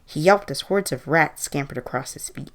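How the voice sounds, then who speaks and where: A woman reading a Halloween horror story aloud in an even, measured way. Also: low-pitched.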